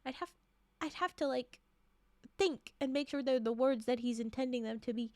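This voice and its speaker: Chatty soft-spoken woman, high voice. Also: no echo. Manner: chatty and rambling, with frequent laughs and filler words; soft-spoken, drifting into quiet murmurs. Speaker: streamer. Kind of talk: casual chat with stream viewers.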